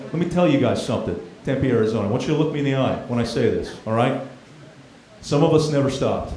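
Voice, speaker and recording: A man performing a brash stand-up comedy set with confrontational crowd work on a comedy club stage. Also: a little high. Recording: echoey club with crowd noise.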